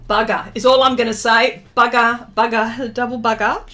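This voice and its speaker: Woman, art stream host, casual chat, reads comments aloud, self-teasing, slightly high voice. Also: flat delivery, moderate pace, sharp tone. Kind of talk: casual chat while drawing live.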